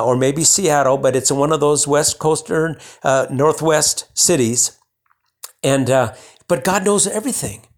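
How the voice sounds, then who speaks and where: A man preaching a sermon in a loose, conversational way. His voice sits a little high, and he often stumbles and restarts before climbing into emphatic, rising bursts.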